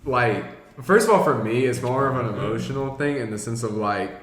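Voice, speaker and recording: A man's voice: medium pitch, animated, a little fast. A young man chatting casually and with enthusiasm about favorite songs, rambling with lots of "like" fillers. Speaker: music podcast co-host. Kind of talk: casual chat. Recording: echoey room.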